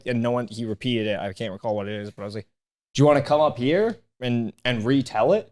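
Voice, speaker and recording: A young man, a comedian guest on a podcast, telling animated, profane stories in a studio and acting out what people said. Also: mid-range voice, quick pace. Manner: animated, profane, acts out quoted voices. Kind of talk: casual podcast chat, storytelling.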